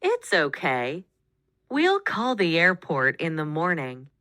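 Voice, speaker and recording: A woman's voice: sits low, wildly swooping pitch, slow, no room sound, clean studio sound, heavily acted. A woman reading a soothing, loving mom. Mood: comforting. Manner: soft, comforting.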